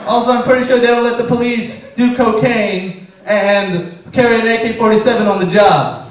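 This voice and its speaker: A man voicing an ordinary male driver who calmly argues his case. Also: very high voice, normal speed, a faint crowd. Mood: reasoning. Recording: echoey club from a distance.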